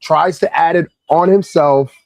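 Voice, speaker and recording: A man from Irvington, New Jersey, telling a casual story as a guest, calm and subtle, then rising in energy. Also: fairly high pitch, a little slow, creaky, dry recording, low-quality recording. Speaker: guest, kids' Lego class instructor.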